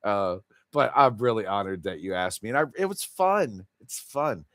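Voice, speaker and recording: A man's voice: on the low side, big pitch swings, normal speed, a bit bright, no echo. A man hosting a casual livestream chat, rambling in an earnest and confessional way. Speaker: livestream host.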